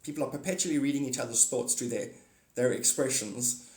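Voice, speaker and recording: A man's voice: medium pitch, a little fast, a little mellow, echoey room. Rambling, blunt man on a livestream. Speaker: livestream host. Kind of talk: casual livestream chat with viewers.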